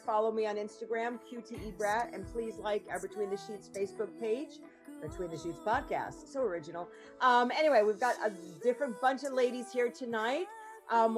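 A woman hosting and producing a podcast, introducing guests in a chatty, rambling way with lots of ums. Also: a little high. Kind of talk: casual chat show introductions.

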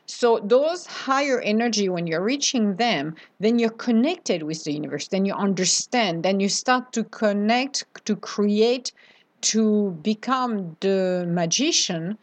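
A woman giving a casual, animated spiritual talk, dropping in playful asides. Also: mid-range voice, unhurried. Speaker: spiritual speaker.

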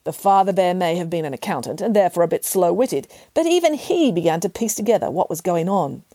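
A woman reading a children's story aloud with a playful, expressive delivery. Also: fairly low pitch, a little fast, dry recording. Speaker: narrator. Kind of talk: audiobook narration.

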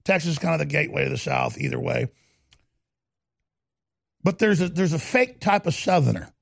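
A man's voice: on the high side, lively intonation, normal speed, gravelly, pauses often, no echo, clean studio sound. A middle-aged man hosting a talk radio show, ranting fervently and combatively and hammering points through repetition between ad reads.

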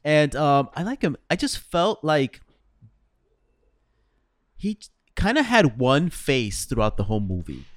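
A man's voice: fairly high pitch, very animated, no echo, clean studio sound. A man co-hosting a film podcast in casual chat, often stumbling and repeating words as he talks. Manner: halting, repeats words, enthusiastic. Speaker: podcast co-host.

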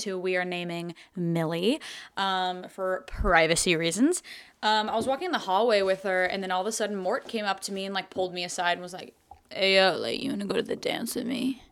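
Animated young woman telling a story. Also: medium pitch, a little fast, clean tone. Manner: animated, swears freely, laughs often. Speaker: podcast co-host. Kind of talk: casual storytelling chat.

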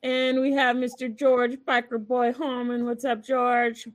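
A woman's voice: a little high, level tone, measured pace. Upbeat woman hosting a radio chat show. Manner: upbeat, repeats welcomes.

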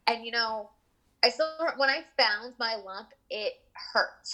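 Woman, 30s, interview guest. Bright, clear voice, candid and conversational. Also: on the high side, takes it slowly, poor audio. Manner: candid, chatty, full of fillers. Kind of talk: personal story in conversation.

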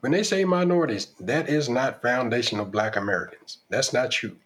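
A man with a medium-pitched, fairly bright voice hosts a podcast, speaking fairly quickly. His opinionated monologue is emphatic and preachy, loaded with rhetorical questions.

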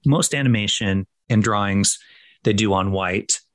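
A man co-hosting a podcast, casually explaining history in a steady, explanatory way. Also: lowish voice, measured pace, dry recording. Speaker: podcast co-host. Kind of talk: casual chat.

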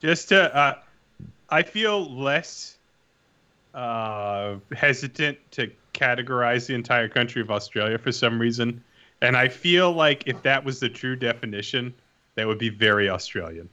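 Slow, bright-voiced hesitant man. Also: medium pitch, dull audio. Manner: hesitant, restarts his sentences. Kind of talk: casual chat.

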